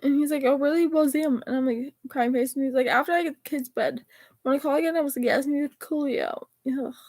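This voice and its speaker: A woman's voice: high voice, fairly even intonation, quick pace, a little mellow, dry recording. A teenage girl casually reading her text messages aloud, rambling and swearing now and then. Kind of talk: casual chat reading out texts.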